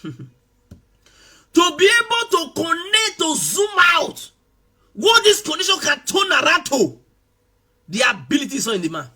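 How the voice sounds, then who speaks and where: A man preaching in a strikingly high, sharp and bright voice. His pitch swings widely as he repeats key phrases and rises into impassioned shouts. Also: huge pitch swings, unhurried, long pauses. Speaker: pastor. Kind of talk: sermon.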